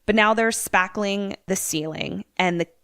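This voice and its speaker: A young woman co-hosting a podcast, casually retelling a movie plot in an animated way with some swearing. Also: mid-range voice, a little slow, clean tone, no room sound, studio quality. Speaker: podcast co-host. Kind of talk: casual storytelling.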